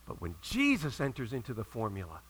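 A middle-aged male pastor preaching a sermon, retelling stories in a lively way and acting out the characters' lines. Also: mid-range voice, brisk, husky, low-quality recording. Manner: animated storytelling with acted-out quotes.

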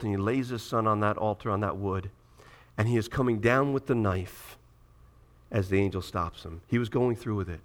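A man preaching a sermon to a congregation, reading scripture aloud and swinging from loud, urgent passages to hushed, dramatic ones. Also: mid-range voice. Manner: reads scripture aloud, addresses the congregation directly. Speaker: pastor.

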